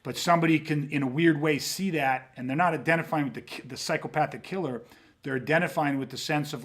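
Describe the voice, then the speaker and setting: Animated, swearing male podcast host. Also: fairly high pitch, quick pace. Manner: emphatic, profane, animated storytelling. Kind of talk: casual podcast chat.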